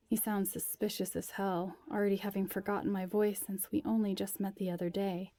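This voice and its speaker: A woman reading a first-person story aloud in a quiet, intimate way, sometimes dropping to a breathy whisper. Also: mid-range voice, little pitch movement, a little fast, few pauses, no echo. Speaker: narrator.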